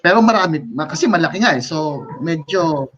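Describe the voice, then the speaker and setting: A man speaking as a guest on a live video call, relaxed and conversational, mostly in Tagalog mixed with English. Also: fairly high pitch, a little fast. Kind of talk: casual live-stream chat. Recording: dull lo-fi video-call audio.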